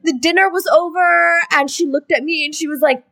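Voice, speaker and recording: A young woman co-hosting a podcast, a lively storyteller who acts out the lines she quotes and swears casually. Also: sits high, brisk, hardly any pauses. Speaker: podcast co-host. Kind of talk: casual chat.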